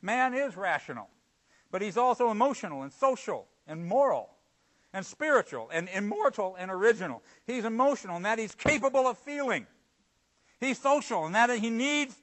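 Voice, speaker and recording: Bright, high-voiced male preacher. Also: moderate pace, rough recording. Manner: lively, jumps between loud emphasis and quiet asides. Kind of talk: sermon.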